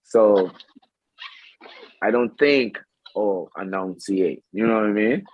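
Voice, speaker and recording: A man's voice: lowish voice, slow, dry recording. A man chatting on a video call, laid-back and rambling, often repeating himself. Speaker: guest on a call. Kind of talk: casual chat on a video call. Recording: dull, lo-fi call audio.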